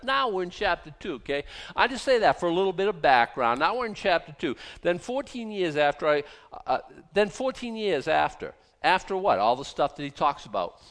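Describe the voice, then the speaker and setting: A man's voice: a little high, fairly bright tone. A man preaching a sermon, emphatic and sarcastic, firing rhetorical questions at the congregation. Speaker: pastor.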